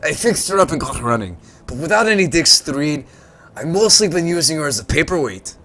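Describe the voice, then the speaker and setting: A man voicing a gruff but well-meaning old male junk dealer with a put-on German accent. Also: a little high, very animated, pushed and bright, voice pushed up, full character voice. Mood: fond. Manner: gruff, slow and hearty.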